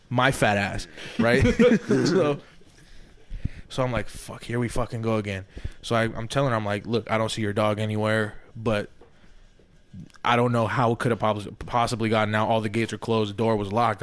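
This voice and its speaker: A man co-hosting a podcast, telling a long story in a casual, animated and profane way, often asking "you feel me". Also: mid-range voice. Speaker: podcast co-host. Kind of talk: casual storytelling among friends.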